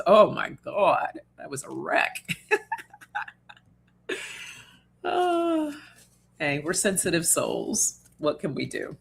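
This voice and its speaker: On this oracle card reading livestream, the host's low, gravelly voice swings widely in pitch and moves slowly, over a faint hiss or hum. She reads viewer comments in casual, reassuring chat, laughing often and using lots of fillers.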